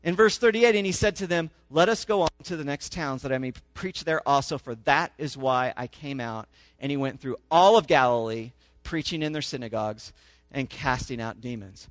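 A man's voice: fairly high pitch, no echo. A man preaching a sermon and reading scripture aloud, talking conversationally and checking in with his listeners, growing emphatic as he reads. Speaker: pastor. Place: church in a small town.

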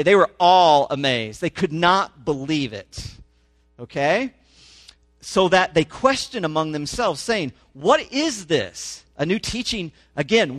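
Slightly high-voiced man preaching a sermon. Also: a bit bright, no room sound. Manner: conversational, checks in with "okay?", grows emphatic while reading. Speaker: pastor. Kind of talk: sermon with scripture reading. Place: church in a small town.

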